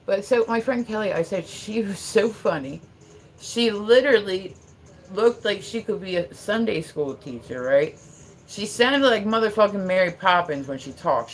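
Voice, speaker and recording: A woman live streamer rambling casually at home, full of fillers and swearing. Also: on the low side. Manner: rambling, profane, many fillers. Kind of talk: casual livestream chat. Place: at home with her dog.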